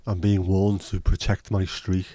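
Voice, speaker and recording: Joking host, casual swearer, mellow low voice, dry close sound. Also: male voice, flat delivery, a little slow, no room sound. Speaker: livestream host. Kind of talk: casual chat reading viewer comments.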